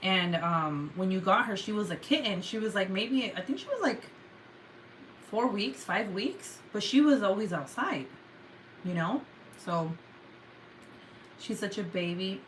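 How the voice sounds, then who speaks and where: A woman's voice: mid-range voice, measured pace, long pauses, a little hiss or hum. A young adult woman telling a story casually to her viewers, swearing freely and acting out her own outbursts. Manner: swears a lot, animated retelling with loud outbursts. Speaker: vlogger.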